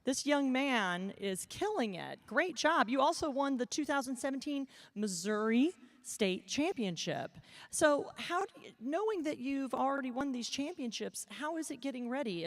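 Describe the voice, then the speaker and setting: A woman's voice: high-pitched, lively intonation, moderate pace. A woman interviewing a contestant at an event, asking questions in a bubbly, upbeat way. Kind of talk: backstage interview. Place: event venue.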